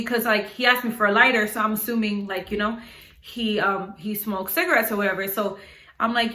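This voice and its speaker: A young woman from New York tells a vlog story in a bright, slightly high voice. She talks casually, peppers her speech with "like," and acts out what she said. The room around her sounds echoey. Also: moderate pace. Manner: animated, acts out her own quotes, frequent "like". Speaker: storyteller vlogger.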